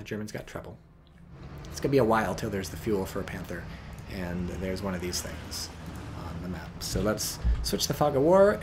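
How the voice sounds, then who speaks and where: A man's voice: on the low side, background noise. A man commentating a strategy game on a live stream, joking and rambling while reading out chat.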